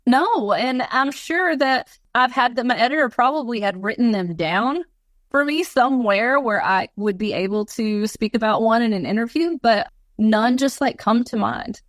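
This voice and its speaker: A woman guest in an interview, telling stories in a rambling, animated way with lots of filler words. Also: on the high side, moderate pace, no echo. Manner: animated, rambling storyteller with many fillers and laughs. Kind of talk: casual storytelling interview.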